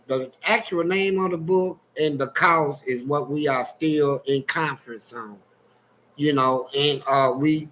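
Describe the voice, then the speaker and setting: A man's voice: fairly high pitch, fairly bright tone, slight background noise, rough recording. A man telling frank, streetwise stories in a casual livestream chat and laughing along as he goes. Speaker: guest storyteller on a livestream.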